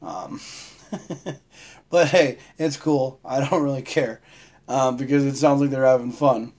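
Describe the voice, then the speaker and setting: A man's voice: medium pitch, fairly even intonation, measured pace, a little mellow. A man hosting a casual live stream, rambling about holidays and shopping, greeting viewers by name and laughing often. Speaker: livestream host.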